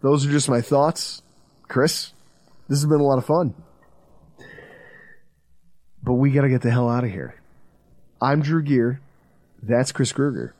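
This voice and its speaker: A man hosting a sports podcast, telling stories in a lively, swearing, casual way. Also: moderate pace, pauses often, no room sound. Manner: animated, storytelling, swings between low intensity and loud outbursts. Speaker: podcast host.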